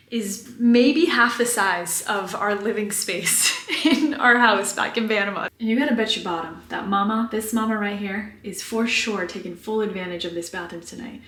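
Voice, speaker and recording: A woman's voice: mid-range voice, fairly bright tone. A young mother narrating a travel vlog in a playful, upbeat way.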